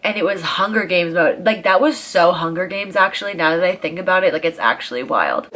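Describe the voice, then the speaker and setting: A woman in her twenties, a vlogger telling a story in casual chat, animated and profane, leaning hard on dramatic emphasis. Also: on the low side, fairly quick.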